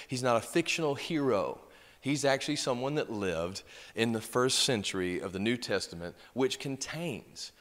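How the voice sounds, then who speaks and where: A man's voice: on the low side, fairly bright tone. A male pastor preaching a sermon, reading scripture and stressing key words with emphasis. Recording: long hall reverb.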